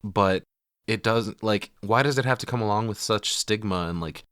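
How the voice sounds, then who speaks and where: A man's voice: on the low side, normal speed, clean tone, dry recording, studio quality. An American man co-hosting a podcast, casually recapping a film and acting out lines with lots of swearing. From United States. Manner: animated retelling with put-on quotes, swears often. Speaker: podcast co-host. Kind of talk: casual movie recap chat.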